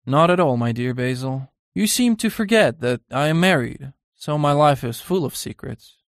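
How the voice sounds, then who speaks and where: A man voicing a witty, cynical young aristocrat in an audiobook, talking in a lively and amused way. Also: a little high, normal speed, no room sound, studio quality.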